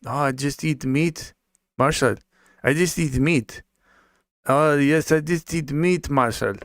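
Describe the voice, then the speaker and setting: A man's voice: on the high side, slow, no echo, studio quality, pitched above the performer's own voice. A man doing a mocking imitation of a male coworker who brags that he only eats meat, repeating himself smugly.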